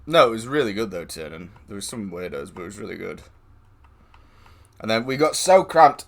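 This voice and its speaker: A man's voice: fairly low pitch, expressive, moderate pace, vocal fry. A man streaming live, telling a rambling anecdote with lots of swearing, laughing and quoted voices. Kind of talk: casual storytelling.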